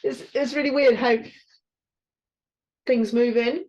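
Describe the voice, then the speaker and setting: A woman's voice: on the high side, steady tone, takes it slowly, a little mellow, lo-fi sound. A woman co-hosting a podcast, talking candidly and searchingly, swearing and trailing off mid-thought. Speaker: podcast co-host, guesthouse owner. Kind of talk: candid casual chat.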